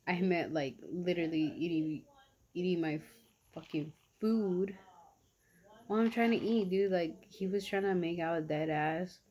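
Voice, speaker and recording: A woman's voice: fairly low pitch, slow pace, pauses often. Chatty young woman telling a slangy story. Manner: chatty, slangy, animated retelling with lots of "like". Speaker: vlogger. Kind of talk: casual storytime while eating.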